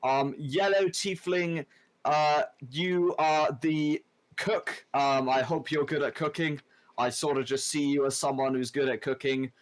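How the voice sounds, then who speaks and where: A man running a tabletop game as game master, rambling and filling pauses with ums. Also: a little high, steady tone. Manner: rambling, many filler words.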